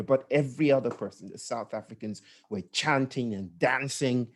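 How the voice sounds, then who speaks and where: A man's voice: mid-range voice, normal speed. A man leading a session, telling a reflective story with repeated words, laughs and asides. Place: indoors.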